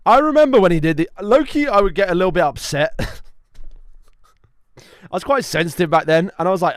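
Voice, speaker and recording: Man, high voice, chatty live-stream reactor. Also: brisk, pauses often, no echo. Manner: chatty, laughing, self-deprecating.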